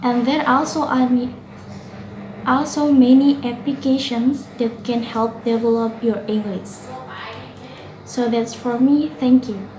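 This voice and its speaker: Young woman, Indonesian accent, student presenter, earnest and a little halting, high mellow voice, echoey room. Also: fairly even intonation. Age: young adult. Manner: earnest, with occasional slips and self-corrections. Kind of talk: reading a prepared class reflection. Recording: roomy, with faint noise.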